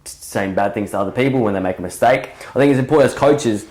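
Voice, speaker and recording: A man's voice: lowish voice, fast talker, a little mellow. A man hosting a podcast in a chatty, jokey way and talking about coaching. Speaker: podcast host, football coach. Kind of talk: casual podcast chat. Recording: echoey room.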